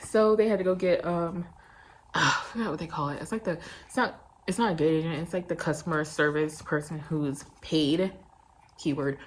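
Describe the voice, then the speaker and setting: A young adult woman, a flight attendant, telling a story in a casual vlog, blunt and animated, acting out both sides. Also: lowish voice, a little hiss or hum, poor audio.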